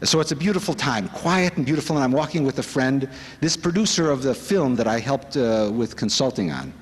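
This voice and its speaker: A man's voice: mid-range voice, animated, brisk. Fervent man speaking in a reverberant hall. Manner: fervent and exclamatory, with many rhetorical questions. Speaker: speaker at a spiritual retreat. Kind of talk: inspirational spiritual talk. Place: large conference hall.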